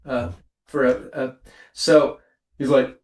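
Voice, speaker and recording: A man's voice: medium pitch, flat delivery, slow pace, darkish tone, roomy sound, distant mic. A man co-hosting a talk show, riffing crude comedy and laughing at his own jokes. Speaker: podcast co-host.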